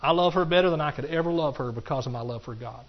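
A middle-aged pastor delivers a sermon in a folksy, animated style, addressing his congregation directly between points. He talks fast, his voice slightly higher than most men's, and the recording sounds a bit dull and lo-fi.

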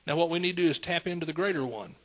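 A man's voice: on the high side, very fast, fairly bright tone. A man preaching a sermon, conversational and calling out to the congregation. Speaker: pastor.

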